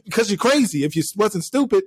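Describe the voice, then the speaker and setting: Young male podcast co-host, rapid comedic rants, higher-pitched voice, dry close sound. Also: husky, no echo. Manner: fast, animated, profane ranting. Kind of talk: casual comedic rant.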